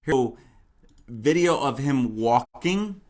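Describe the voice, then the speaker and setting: A man's voice: medium pitch, animated, takes it slowly, a little mellow. A man hosting a casual true crime commentary, rambling and repeating himself with many fillers. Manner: repetitive, rambling, full of "you know" and "like". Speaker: true crime channel host.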